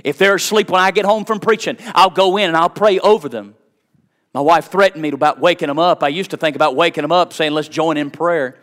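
Middle-aged male pastor, fervent storytelling preacher, higher-pitched voice, hushed to shouting. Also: fairly quick. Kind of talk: sermon with storytelling.

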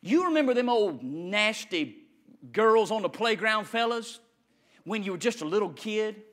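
A man preaching a sermon with rhythmic repetition and loud, fiery peaks. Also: high-pitched, big pitch swings, a little slow.

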